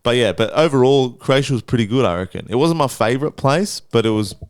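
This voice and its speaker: A man, a podcast co-host telling travel stories in casual chat, animated and full of swearing. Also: medium pitch, brisk, clean tone, dry recording. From Australia. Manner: animated, swears a lot, acts out voices in anecdotes.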